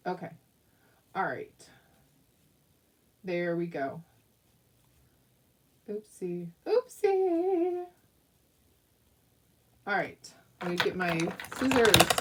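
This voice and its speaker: A woman's voice: medium pitch, distant mic. A woman hosting a casual craft tutorial at home, chatty and giggly as she talks viewers through each step.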